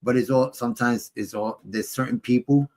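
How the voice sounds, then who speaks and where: A man co-hosting a podcast, chiming in with a casual, halting point and repeating words as he starts. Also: medium pitch, darkish tone. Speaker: podcast co-host. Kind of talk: casual chat.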